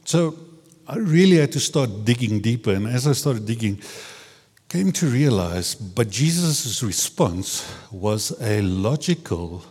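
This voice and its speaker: A man delivers a sermon in a chatty, searching way, doubling back on his words. His voice is husky and his pitch rises and falls a lot. A long reverb from a large hall trails after each phrase. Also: darkish tone. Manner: conversational, searching, repeats words as he restarts. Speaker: preacher.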